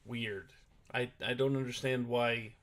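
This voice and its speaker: A man's voice: medium pitch, fairly even intonation, a little slow, a bit bright. A man on a casual gaming stream, explaining the rules of a board game while setting it up at his computer, talking hesitantly as he thinks aloud. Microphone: desk microphone at a computer.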